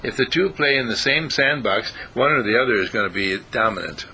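Gravelly, bright-voiced man giving a spiritual talk. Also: mid-range voice, a little fast, low-quality recording. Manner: animated, acts out voices, chuckles often.

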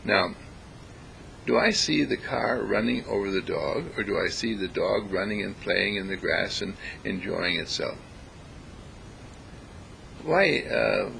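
A man giving a reflective spiritual talk, deliberate and emphatic, repeating phrases to stress them. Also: lowish voice, creaky, sharp tone, a little hiss or hum, low-quality recording. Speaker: spiritual speaker.

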